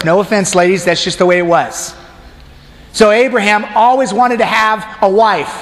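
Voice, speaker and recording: A man's voice: high voice, moderate pace, fairly bright tone. A man preaching a sermon casually, joking with the congregation and talking to them directly. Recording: long hall reverb.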